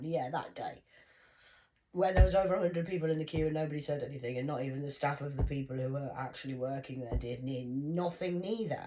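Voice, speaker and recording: A woman vlogging a rambling monologue, mostly in a hushed whisper, swearing freely and breaking into loud laughing rants. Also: a bass voice, a little fast.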